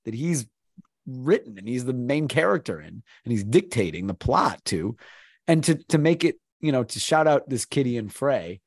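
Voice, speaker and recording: A man's voice: medium pitch, sing-song, moderate pace, husky, no room sound, clean studio sound. A man, a sports play-by-play announcer, talking in a casual podcast chat, earnest and rambling, often restarting his sentences.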